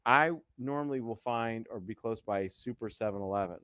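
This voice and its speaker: A man's voice: lowish voice, a little fast, fairly bright tone, smooth, no room sound. Casual man, dry close sound. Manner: rambling, profane, jokey. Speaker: live chat host. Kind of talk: casual live chat. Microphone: video call.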